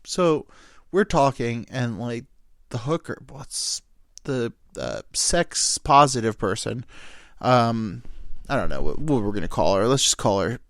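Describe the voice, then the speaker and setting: Rambling, swearing solo podcast host. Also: male voice, medium pitch, lively intonation, a little slow, no room sound, studio quality. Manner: rambling, profane and self-mocking, with lots of ums and quoted dialogue.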